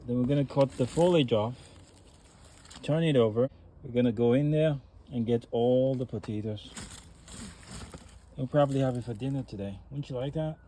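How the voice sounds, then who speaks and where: A man vlogging outdoors in his garden, patiently encouraging children through a task with a steady, instructive manner. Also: medium pitch, normal speed, pauses often, a little hiss or hum. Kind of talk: casual instructional vlog.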